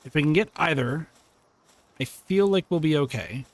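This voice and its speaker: Lively, animated man streaming a game. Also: fairly high pitch, normal speed. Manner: chatty, reacts to chat, playful silly voices. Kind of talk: live gameplay commentary. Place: home room.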